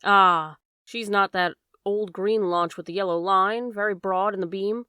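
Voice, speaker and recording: A woman voicing a shrewd, calm gentleman detective in an audiobook reading, measured and crisp. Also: mid-range voice, no room sound. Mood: coaxing.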